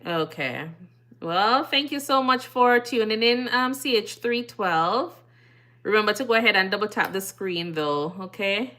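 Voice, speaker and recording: Jamaican lady hosting a live stream, bright forceful voice, chatty, reads comments out loud. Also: mid-range voice, expressive, a little slow. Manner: chatty, reads viewer comments aloud and answers them. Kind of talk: casual live-stream chat.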